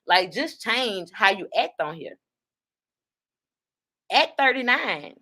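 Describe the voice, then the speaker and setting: A blunt woman host gives casual commentary, profane and quick-spoken. Her pitch sits in a middle range. She speaks her mind freely, like someone chatting to regular listeners. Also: big pitch swings, pushed and bright. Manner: blunt, profane, fast-talking. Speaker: online radio host. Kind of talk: casual commentary on online drama.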